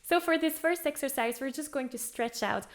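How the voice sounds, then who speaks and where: A woman vocal coach guiding singers through warm-up exercises, encouraging them and demonstrating by singing along. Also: high voice, moderate pace. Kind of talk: guided vocal warm-up lesson. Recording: faint piano music under voice. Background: piano accompaniment.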